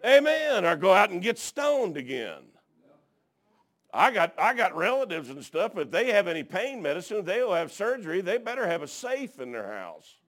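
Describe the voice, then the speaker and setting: A man preaching a folksy sermon, telling stories and dropping frequent amens, swinging from hushed to shouting. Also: high voice, big pitch swings, moderate pace.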